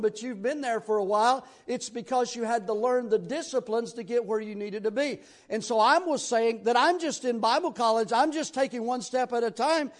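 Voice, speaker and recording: A middle-aged man from Tennessee with a Southern accent, preaching a sermon in a folksy, rambling way with sudden loud bursts. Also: extremely high pitch. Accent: Southern American. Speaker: pastor.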